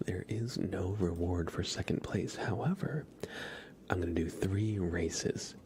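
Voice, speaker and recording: Man, deep voice, whispered livestream commentary, unhurried, slightly stuffy nose, close mic. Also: background noise. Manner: soft whisper, slow and low-key, cheering on chat viewers. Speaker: ASMR livestream host.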